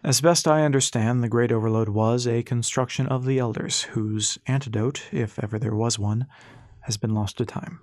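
A man voicing a genteel, formal gentleman with courtly phrasing and dry sarcasm. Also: mid-range voice, fairly even intonation, moderate pace, no room sound, close to an everyday voice. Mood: measured.

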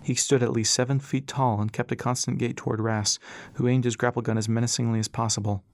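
A man's voice: mid-range voice, level tone, quick pace, no echo. Man narrating an adventure audiobook. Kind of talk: scripted narration.

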